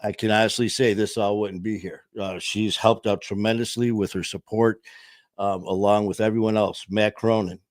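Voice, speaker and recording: A man's voice: on the low side, steady tone, moderate pace, dry recording, studio quality. A man hosting a podcast, talking casually in a rambling way with many fillers and restarts. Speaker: podcast host. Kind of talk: casual monologue.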